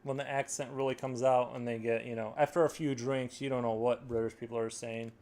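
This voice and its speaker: With a medium pitch that stays fairly flat, this American man talks a bit fast in a slightly mellow voice. He has a standard accent and chats casually as he draws on a live stream, joking, rambling and reading the chat aloud.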